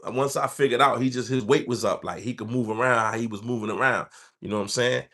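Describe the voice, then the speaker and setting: A man's voice: mid-range voice, quick pace, fairly bright tone. A man from the Bronx with a New York accent, telling a rambling street story in casual talk. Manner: streetwise, rambling, acts out quoted voices.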